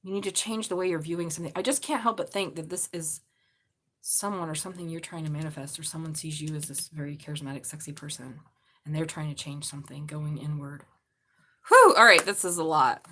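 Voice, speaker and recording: A woman doing a live tarot reading. Her talk is chatty and excitable, with offhand swearing and constant asides to the viewers. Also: low-pitched, fairly quick. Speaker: tarot reader.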